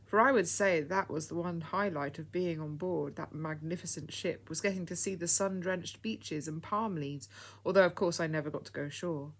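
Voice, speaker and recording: A woman reading the lines of a kindly, grateful old lady in an audiobook story, speaking softly and calling the listener dear. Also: on the low side, moderate pace. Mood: fond. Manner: soft, fond, calls people dear.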